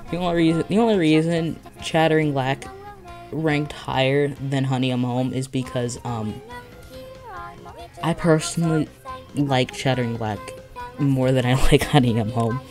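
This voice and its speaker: A casual vlogger with a mid-range voice, rambling along in a giddy way and often restarting sentences. They talk through a headache in a loose, offhand manner. Soft music plays faintly underneath. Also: mid-range voice, fairly even intonation, a little slow. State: has a headache. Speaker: video creator. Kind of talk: casual vlog commentary.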